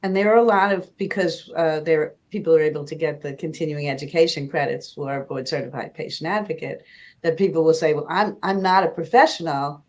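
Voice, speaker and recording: A woman's voice: deep voice, a little fast, darkish tone. A woman who runs patient advocate programs, speaking on an online panel with frequent hesitations. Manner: hesitant, many uh and um fillers. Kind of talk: panel discussion. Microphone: video call.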